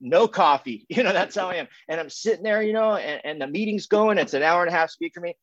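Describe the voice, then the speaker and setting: A man's voice: high voice, lively intonation, quick pace, a bit bright, dry recording, highs cut off. A man telling his recovery story at a meeting in a loose, rambling way, with lots of fillers and restarts and frequent laughs. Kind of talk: casual personal story share. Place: home via video call.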